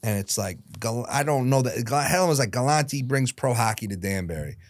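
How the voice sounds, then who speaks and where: Guest storyteller, male, late 30s: animated, jumps into quoted voices, dry close mic. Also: medium pitch, no room sound. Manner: lively retelling, acting out quoted voices, quick asides. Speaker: guest, hockey team founder. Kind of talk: storytelling in a podcast interview.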